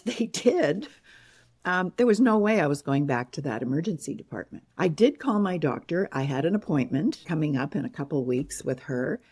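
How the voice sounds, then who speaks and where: An older woman telling her own story as an interview guest, lively and animated, laughing now and then and acting out what people said. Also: sits low. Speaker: guest, heart attack survivor and author.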